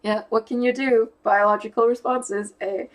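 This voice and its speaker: A fairly high, steady-toned voice at a moderate pace comes through poor audio. The speaker, a young YouTuber, explains her personality type casually to camera, thoughtfully thinking aloud about how her mind works while searching for words with fillers and restarts.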